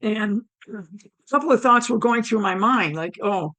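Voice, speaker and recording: A woman with a hoarse, damaged throat telling her near-death story, acting out her own thoughts as she goes. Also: fairly high pitch, normal speed, a bit bright. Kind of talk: personal storytelling.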